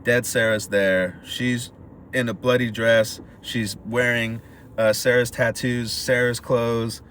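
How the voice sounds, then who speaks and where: The podcast co-host here speaks slowly in a mid-range voice, chatting through a movie recap. His telling is animated, with characters' lines acted out, and there's slight background noise.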